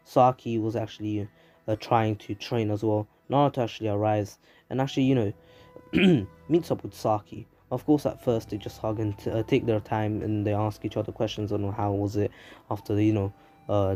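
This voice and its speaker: Recapping a story at home in the city, a young Londoner who runs a YouTube anime channel speaks with a warm, fairly low voice. His casual telling rambles, packed with fillers and restarts. Sirens from traffic can be heard outside.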